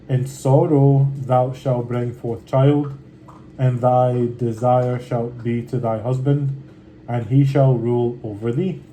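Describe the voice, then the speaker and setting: Brief: male scripture reader with a deep, warm, dark tone, deliberate delivery, casual asides, faint hiss behind. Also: rough recording. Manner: deliberate reading with slangy offhand comments.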